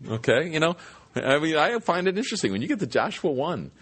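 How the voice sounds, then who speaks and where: A male preacher delivers an animated sermon, retelling scripture and stopping for playful asides. His voice is a little husky, and his pitch swings freely as he builds up each point. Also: brisk. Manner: animated storytelling, frequent restarts and humor. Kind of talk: expository sermon.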